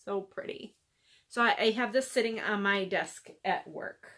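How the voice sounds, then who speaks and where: A woman's voice: medium pitch, unhurried, fairly bright tone. Chatty woman gushing over stitched gifts. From American Midwest. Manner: gushing, chatty, many fillers, drops to near-whispers. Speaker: Flosstube host showing gifts. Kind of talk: casual chat to camera.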